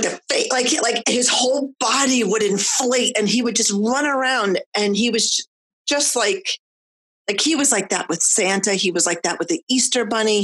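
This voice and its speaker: A mother in casual chat, telling family stories in an animated way with many fillers. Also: mid-range voice, breathy edge.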